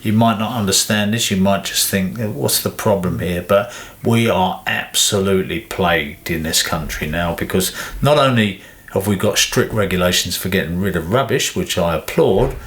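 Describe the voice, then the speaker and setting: British guy on a podcast, lowish voice, gets worked up and does little voices for people. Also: normal speed. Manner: animated, mimics people in quotes. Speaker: podcast co-host. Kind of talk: casual chat.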